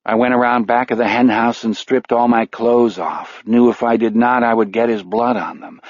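A man reading an audiobook voices the flat, chilling words of an anonymous killer's letters. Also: medium pitch, normal speed, no room sound, natural voice. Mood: cold. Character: menacing anonymous letter writer, cold and calm. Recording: dull, dry studio audio.

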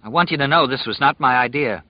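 A man voicing a scared, bespectacled male clerk who talks quickly and nervously in an audiobook reading. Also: medium pitch, no echo, muffled recording, pitched above the performer's own voice, close to an everyday voice.

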